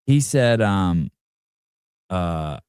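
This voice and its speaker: A man's voice: low voice, expressive, extremely slow, darkish tone, clean tone, dry recording, studio quality. A man hosting a show, giving casual reaction commentary in a combative, profane rant aimed at his audience and producer. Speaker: podcast host.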